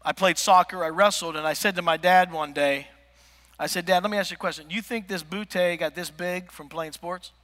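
A man preaching a comedic sermon, telling stories with lively asides to the congregation. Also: high voice, a little fast. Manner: animated storytelling with asides to the congregation. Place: large church hall. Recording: echoey church hall.

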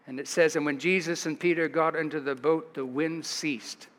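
A man with an American accent preaching a sermon, an animated, chuckling storyteller who rises for the dramatic moments. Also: on the high side, moderate pace. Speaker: pastor. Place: church sanctuary. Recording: livestream in a reverberant church.

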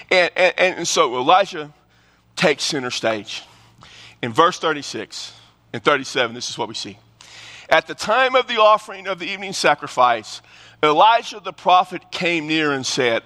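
A male pastor with a high-sitting voice delivers a sermon at a moderate pace, telling humorous stories in an animated way and restarting often. The long reverb of a large hall surrounds him.

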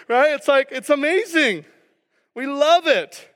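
A man delivers a sermon. He is animated, acts out excited reactions and keeps checking in with "right?" and "okay?". His voice carries with a long hall reverb around it. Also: very high-pitched, measured pace. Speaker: pastor. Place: church hall.

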